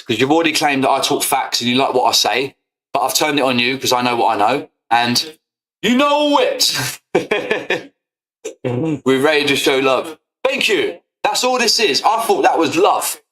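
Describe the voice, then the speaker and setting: A man's voice: mid-range voice, normal speed, bright, forceful tone, low-quality recording. A young man, ranting heatedly to his stream audience, swearing and repeating his points. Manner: combative, swearing, repetitive. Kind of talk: heated casual rant.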